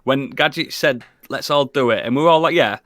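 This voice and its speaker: A man's voice: mid-range voice, fairly quick, fairly bright tone, no echo, studio quality. A man co-hosting a live podcast, interrupting with mock outrage. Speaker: podcast co-host. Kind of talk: casual live-stream chat.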